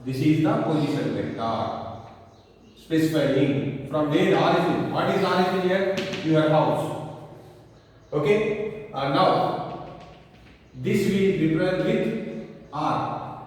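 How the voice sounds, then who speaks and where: Slow Indian man teaching in an echoey hall. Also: a little high, a little mellow. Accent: Indian English. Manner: slow, repeats checking questions like "clear?" and "understand?". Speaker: physics teacher. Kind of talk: online class lecture. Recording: echoey hall, voice far from mic.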